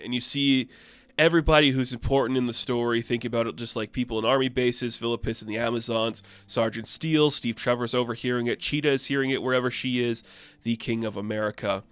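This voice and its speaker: A man's voice: medium pitch, steady tone, fast talker, fairly bright tone, clear, resonant tone, no echo. A man giving a casual, enthusiastic and rambling comic book recap, full of fillers.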